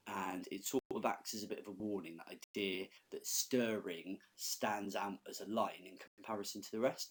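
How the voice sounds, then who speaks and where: Male teacher, low-pitched and husky, informal conversational lesson delivery. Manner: conversational, checks in with frequent "okay?". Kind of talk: recorded classroom lesson.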